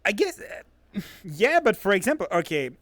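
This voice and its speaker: A young-sounding man with a French accent chats in English as a second language, playful and quick to tease. His voice sits slightly high. It is recorded dry and close, with no room sound. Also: big pitch swings, fairly bright tone, no echo. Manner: playful, teasing, laughs easily. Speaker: streamer. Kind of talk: casual chat.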